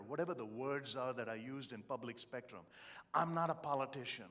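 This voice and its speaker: A middle-aged man from India giving a humorous motivational speech, with punchy storytelling that swings from loud to quiet. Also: medium pitch, a little fast. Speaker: motivational speaker.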